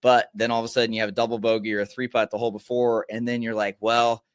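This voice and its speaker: A man's voice: medium pitch, very fast, clear, resonant tone, no echo, clean studio sound. A man from Oregon, a golf mental coach, talking in a podcast interview and explaining his game strategy at length. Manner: animated, explains strategy in long runs.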